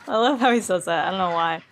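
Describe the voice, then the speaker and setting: A woman's voice: mid-range voice, slight background noise. A woman hosting a gaming channel, giving casual, chatty commentary while she plays. She sometimes drops to near whispers and yelps and laughs when startled.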